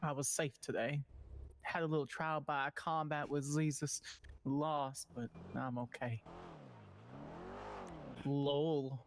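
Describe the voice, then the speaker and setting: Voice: mid-range voice, fairly even intonation, slow, pauses often, slight background noise, lightly acted. A roleplay streamer reading out love texts as a lovesick Southern man, in a swooning, overdone way. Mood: tender. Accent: Southern US, put on.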